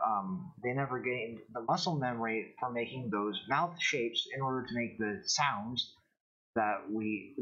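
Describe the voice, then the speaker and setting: A man hosting his own live-streamed show, talking casually in a rambling, halting way with many restarts. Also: fairly low pitch, a bit bright, slightly rough, muffled recording. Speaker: show host.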